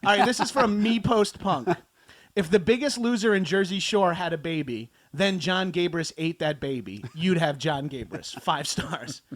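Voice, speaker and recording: A podcast host in his thirties with a Long Island accent reads out listener roasts. His voice sits fairly high for a man. He is self-mocking and mock-indignant, laughing often. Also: normal speed. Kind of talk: reading listener reviews aloud, casual chat.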